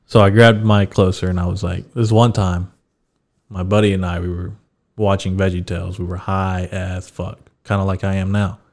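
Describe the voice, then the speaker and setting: A young podcast host with a fairly low, slightly mellow voice tells a story with little pitch movement. He's chatty and laid-back, taking his time, swearing freely and laughing throughout.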